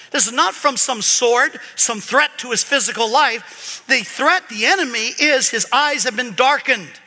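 A man preaching a sermon as pastor, animated, swinging from loud emphasis to quiet asides. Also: very high-pitched. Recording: long hall reverb.

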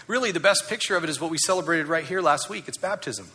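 A man preaching a sermon with a bright, forceful tone and a slightly raised pitch. He speaks emphatically and conversationally, firing rhetorical questions at his congregation. He then sinks to a quiet, low delivery on the lines he wants to land. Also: fast talker, hardly any pauses, husky. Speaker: pastor.

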